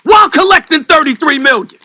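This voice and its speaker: A man delivering an impassioned, sarcastic sports commentary rant, swinging between shouted outbursts and hushed mockery. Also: extremely high pitch, lively intonation, fairly quick, no room sound. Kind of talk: televised sports debate rant.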